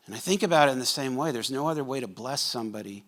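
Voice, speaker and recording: A man's voice: medium pitch, expressive, racing, fairly bright tone. A man, a pastor preaching a sermon to his congregation in a church, talking casually and joking with the room. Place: church sanctuary.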